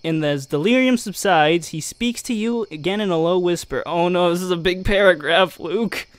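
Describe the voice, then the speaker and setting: A man's voice: high voice, normal speed, no room sound. A man reading an adventure gamebook aloud as game master, with jokey asides.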